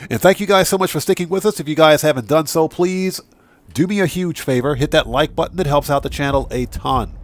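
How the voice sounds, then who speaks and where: A man hosting a casual gaming live stream, with a voice that sits a bit higher than most men's. He talks in an easy, chatty way, greeting viewers by name and reading their messages aloud. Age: adult with a wife and child. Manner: chatty, thanks viewers by name, reads out chat.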